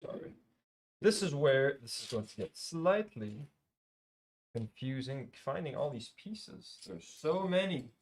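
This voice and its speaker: Lively man chatting on a build stream. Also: mid-range voice, measured pace. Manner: mutters piece counts to himself, swears casually. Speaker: streamer building a LEGO set. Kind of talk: casual live-stream chat.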